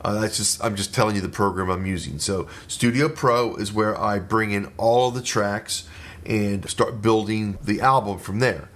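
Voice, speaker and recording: A middle-aged man with a lowish voice gives a casual studio walkthrough. He talks in a relaxed, rambling way, filling pauses with "uh" and restarting his sentences as he goes. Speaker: musician and studio engineer.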